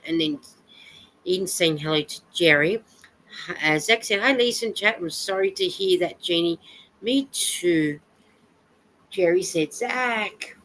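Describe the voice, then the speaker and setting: A woman with a slightly low voice hosts a casual live chat from home while she knits. She greets each viewer by name, reads their comments aloud and answers in a chatty, sympathetic way. Faint room ambience sits behind her voice. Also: a little hiss or hum, low-quality recording. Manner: chatty, with soft sympathetic asides. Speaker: livestream host.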